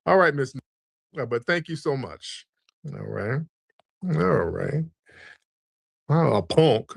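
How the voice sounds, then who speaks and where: Brief: male call-in host, taunting and crude, mid-pitched voice, dry close sound. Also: very animated, slow pace, gravelly, breathy edge, dry recording. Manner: mocking, insulting, trash-talking. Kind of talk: call-in show banter.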